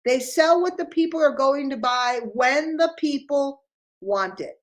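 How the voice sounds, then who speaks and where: A middle-aged New Yorker with a high voice addresses her sales group a little slowly, animated and full of rhetorical questions as she talks business.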